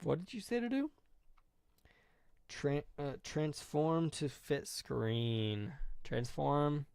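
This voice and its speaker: A man's voice: on the high side, animated, slow pace, gravelly, a little mellow, clear, resonant tone. A young man live-streaming and chatting casually, reading comments, rambling and apologizing a lot at his own expense. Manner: self-deprecating, rambling, apologetic.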